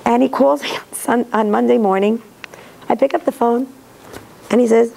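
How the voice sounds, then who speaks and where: A woman with a hoarse voice from laryngitis, giving an earnest, animated religious lecture to an audience and acting out bits of dialogue. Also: fairly high pitch, normal speed, pauses often, poor audio. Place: synagogue hall.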